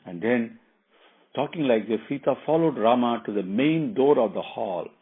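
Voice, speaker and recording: A man retells a scripture in a devotional discourse, explaining admiringly and often pausing with fillers. His voice is husky, and the recording is thin and narrow, like a phone line. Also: medium pitch, lively intonation. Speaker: spiritual storyteller.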